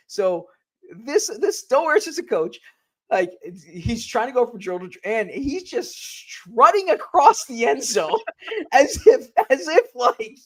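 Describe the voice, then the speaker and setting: A man co-hosting a sports podcast in casual chat, talking in an excitable, rambling way. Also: high voice.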